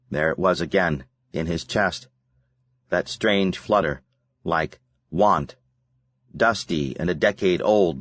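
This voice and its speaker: A man narrating an audiobook in a measured, brooding way. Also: low voice, no echo. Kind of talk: scripted narration.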